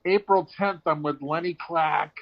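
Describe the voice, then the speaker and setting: A man in his sixties, a comedian guest on a podcast, chatting casually and telling jokes with deadpan punchlines. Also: a little high, measured pace, vocal fry. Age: 60s. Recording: slightly dull lo-fi sound.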